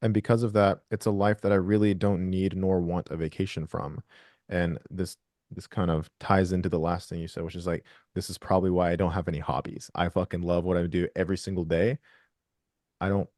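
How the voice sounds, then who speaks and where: A man with a low, mellow voice hosts a group video call. He talks in a loose, rambling way, swears freely and restarts his sentences often. The sound is close and dry. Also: no room sound. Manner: rambling, profane, frequent restarts. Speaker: host of a trading group call.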